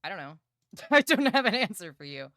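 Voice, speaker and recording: A young woman livestreaming from her partner's home setup, chatting excitedly and playfully about books and swearing casually. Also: medium pitch, normal speed, dry recording, clean studio sound.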